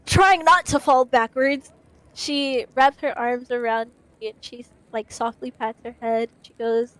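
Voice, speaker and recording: Slow-talking woman playing a tabletop game. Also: on the high side, steady tone, a bit bright, rough recording. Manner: casual, chatty, with many fillers. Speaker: player. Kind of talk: tabletop role-play narration.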